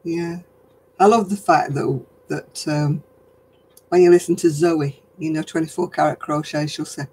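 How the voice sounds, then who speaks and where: An older woman from northern England with a softened regional accent, hosting a casual craft live stream, chatting with viewers and chuckling often. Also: lowish voice, expressive, normal speed, slightly rough, low-quality recording. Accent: softened northern English. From Oldham, England. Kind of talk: casual chat answering viewer comments.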